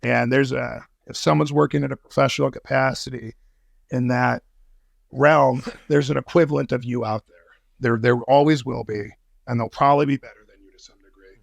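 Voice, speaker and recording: Gravelly-voiced man telling a street-slang story. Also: mid-range voice, fairly even intonation, fairly quick, no echo. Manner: swears freely, loose street slang. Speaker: podcast guest. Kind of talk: casual interview storytelling.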